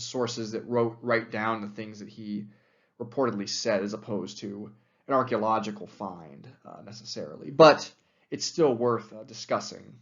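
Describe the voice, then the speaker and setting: In a lo-fi recording, a young adult man with a medium-pitched voice delivers a history lecture. His manner is casual and conversational, with lots of filler words.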